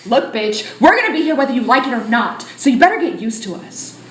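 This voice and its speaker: A woman's voice: a little high, big pitch swings, fairly quick, echoey room, low-quality recording. A woman playing a sassy, bossy personified disorder in a solo stage show, talking in brash slang. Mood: defiant. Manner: peppy, valley-girl slang, brash.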